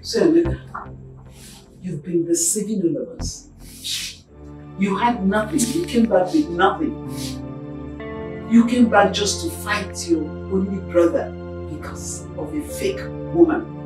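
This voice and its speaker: Woman acting as stern mum, animated pitch, echoey room, music. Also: measured pace, pauses often, recorded from a distance, close to an everyday voice. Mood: scolding. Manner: reproachful, scolding. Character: stern reproachful Nigerian mother. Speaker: mother. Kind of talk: Nollywood film acting.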